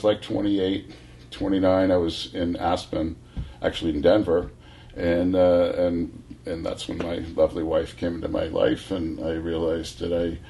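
A man in his sixties from California, a guest telling rambling, animated stories full of restarts. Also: low-pitched, gravelly, a little hiss or hum. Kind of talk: casual storytelling.

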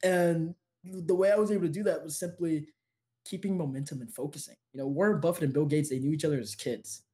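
Brief: young business guest from Jersey, warm mellow tone, energetic storyteller. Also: male voice, fast. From New Jersey. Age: young adult. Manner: energetic storyteller, pitching to listeners. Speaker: interview guest, business owner. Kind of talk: casual interview storytelling.

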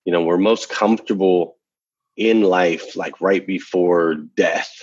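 A man's voice: deep voice, fairly even intonation, a little slow, a little mellow, breathy edge, dry recording, highs cut off. A man telling a personal story in conversation, earnest and emphatic, repeating phrases for effect. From United States. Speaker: interview guest.

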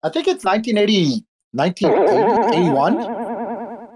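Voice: mid-range voice, big pitch swings, a little slow, darkish tone, slightly rough. A speaker in a casual group chat, blunt and sweary.

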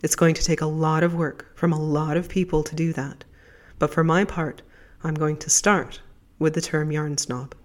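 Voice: mid-range voice, steady tone, normal speed, hardly any pauses. A podcast host with a stuffed-up voice from a lingering cold, talking in a chatty, rambling way. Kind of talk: casual solo podcast chat.

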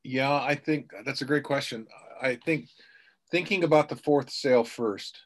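A man's voice: medium pitch, unhurried. A middle-aged man, a sales trainer, telling anecdotes in a podcast interview and acting out the quotes.

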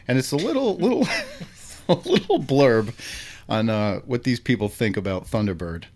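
A man's voice: mid-range voice, sing-song, normal speed, a little mellow. A man co-hosting a podcast, recapping a film in casual chat and chuckling through his sentences. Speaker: podcast co-host.

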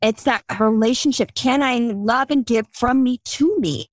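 A middle-aged woman, a life coach, talking as a guest in a podcast interview, at times slow and soothing as she guides breathing, at times earnest and lively as she explains. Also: fairly high pitch, dry recording, studio quality. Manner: earnest, animated storytelling.

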